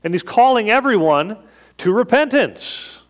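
A man delivers a sermon from the pulpit, his voice sitting high and swooping up and down. He takes his time, speaking in an easy, conversational way and posing questions to his listeners. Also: expressive, a little slow. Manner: conversational preaching with rhetorical questions. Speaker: pastor.

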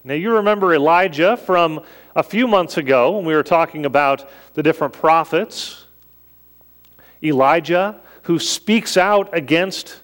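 High-voiced, lively preaching man. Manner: conversational preaching with rhetorical questions. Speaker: pastor. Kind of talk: sermon.

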